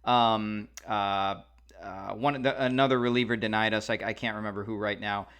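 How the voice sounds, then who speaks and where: A man's voice: lowish voice, fairly even intonation, normal speed, fairly bright tone, clear, resonant tone. A man co-hosting a podcast, telling a rambling casual story with lots of fillers. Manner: rambling, many fillers and restarts. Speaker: podcast co-host.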